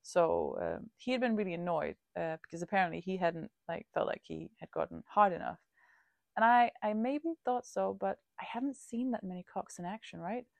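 A woman's voice: on the low side, vocal fry, darkish tone, dry recording. A woman podcast host in casual personal storytelling, candid and chatty with many fillers.

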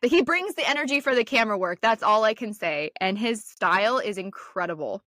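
A bubbly American woman co-hosting a podcast, excitedly chatting like a fan. Her voice is bright and forceful, sitting in a middle pitch. The recording is dry and close. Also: brisk, no room sound. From United States. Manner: bubbly, fangirling. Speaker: podcast co-host. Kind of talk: casual chat.

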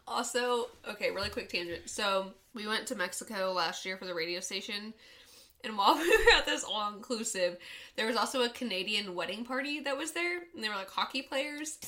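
A woman's voice: on the high side, sharp tone. A woman in her thirties co-hosting a podcast, telling rambling stories with frequent laughter. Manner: rambling storyteller, laughs often. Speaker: podcast co-host. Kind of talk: casual chat.

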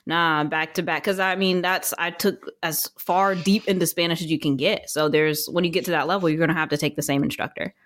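Casting note: woman podcast co-host, somewhat low voice, relaxed chat, laughs a lot. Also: fairly quick, hardly any pauses. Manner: laughs often, animated storytelling. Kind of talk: casual chat.

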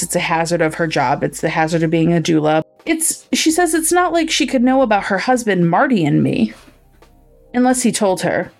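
A woman co-hosting a book podcast, recapping a thriller in a casual, animated way and acting out the characters' lines. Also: mid-range voice. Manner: animated retelling with acted-out quotes. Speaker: podcast co-host.

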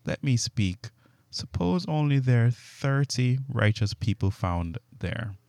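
A man's voice: medium pitch, animated, takes it slowly, vocal fry, darkish tone, no echo, studio quality, voice pushed up. A humble pleading patriarch, read by a man. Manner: pleading, respectful.

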